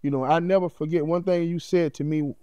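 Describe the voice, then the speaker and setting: Animated man telling his story on a podcast. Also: fairly high pitch, fairly quick, clear, resonant tone, dry recording, highs cut off. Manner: animated, peppered with "you know what I'm saying". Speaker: podcast guest. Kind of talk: heartfelt conversational storytelling.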